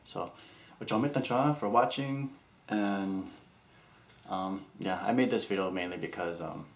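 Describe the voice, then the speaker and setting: A man's voice: deep voice, slow pace. Playful male vlogger, offhand and jokey, echoey room. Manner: jokey, playful, puts on silly quoted voices. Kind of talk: casual rambling vlog. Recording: echoey room with faint background hum.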